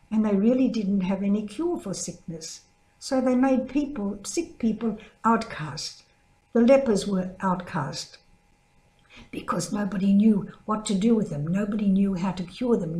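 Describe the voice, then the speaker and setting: An older woman, a religious sister, giving a gentle spoken reflection built around a story, lifting her voice to act out the people she quotes. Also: a little slow. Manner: storytelling, acts out quoted voices with higher pitch. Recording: echoey room.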